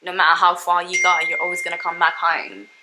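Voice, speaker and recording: A woman's voice: on the low side, fairly even intonation, brisk, heavy background noise. A young woman vlogging about solo travel in a casual, reflective chat, talking with lots of "like" and "you know what I mean". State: tearful, emotional.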